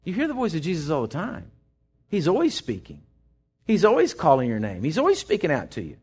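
A middle-aged man with a Texan accent, preaching a sermon in a folksy storytelling way, swinging from loud to hushed. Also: a little high, wildly swooping pitch, fairly quick, husky. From Texas. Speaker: pastor.

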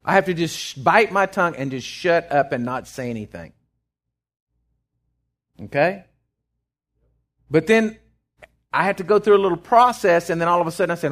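Middle-aged pastor, folksy and lively, voice on the higher side. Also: male voice, moderate pace, long pauses. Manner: folksy, animated preaching with many restarts. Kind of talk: sermon.

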